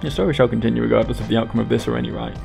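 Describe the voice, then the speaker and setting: Uomo ironico con voce roca. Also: male voice, mid-range voice, fairly even intonation, rapid-fire, creaky, darkish tone, faint music behind. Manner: wry, self-deprecating asides. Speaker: let's play host. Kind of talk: casual game commentary.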